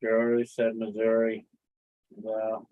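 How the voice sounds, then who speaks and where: A man's voice: lowish voice, completely flat delivery, slow. Guy rambling on a livestream, cursing a lot, reading out chat, sounds like a phone line. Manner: rambling, swears a lot, reads chat aloud. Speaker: livestream host. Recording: tinny phone-like audio.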